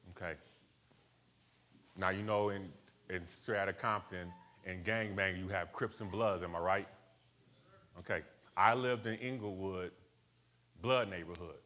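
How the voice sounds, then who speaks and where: A man from Buffalo, USA, speaks to a live audience as a motivational speaker. His voice sits on the low side, and he talks conversationally, checks in with the room and uses street slang. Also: a little slow, long pauses, bright, forceful tone. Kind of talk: personal story told to a live audience.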